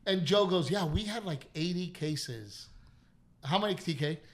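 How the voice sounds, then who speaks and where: A middle-aged man from Texas, hosting a podcast and telling stories in an animated way, laughing often and swearing. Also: high voice, measured pace, crowd noise. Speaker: podcast host. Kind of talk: casual chat.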